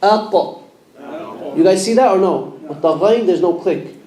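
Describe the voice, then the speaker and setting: High-voiced man drilling letters, echoey room. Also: a little fast, warm tone. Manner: drills letters aloud and quizzes the class with questions. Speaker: Quran recitation teacher. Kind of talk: classroom lesson on letter pronunciation. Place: mosque classroom.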